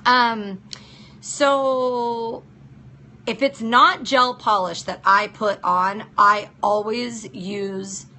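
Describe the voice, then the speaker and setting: A woman's voice: on the high side, fairly even intonation, extremely slow, pushed and bright. A woman hosting a casual live-stream chat as a nail technician, practical and chatty, answering viewers by name. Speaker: nail technician and show host.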